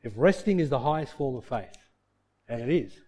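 A man preaching a sermon, telling a healing story, dropping to soft low passages and rising to loud shouted peaks. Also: expressive, normal speed, husky.

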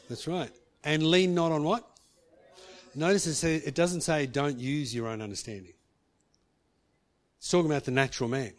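A man's voice: fairly high pitch, normal speed, long pauses. A man preaching a sermon, telling a personal story and putting questions to the congregation.

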